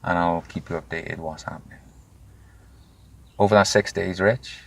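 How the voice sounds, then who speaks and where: A man, telling his own story candidly in an interview, animated and swearing freely. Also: low voice, no echo. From Wales. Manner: animated, swears freely, acts out quoted voices. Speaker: guest.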